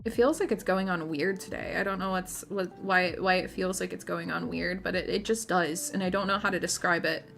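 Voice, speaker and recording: A woman's voice: fairly low pitch, fairly even intonation, a little fast, vocal fry, hardly any pauses, fairly bright tone, soft background music. A woman streamer chatting casually to her viewers while painting miniatures, rambling, giggling and often restarting her sentences.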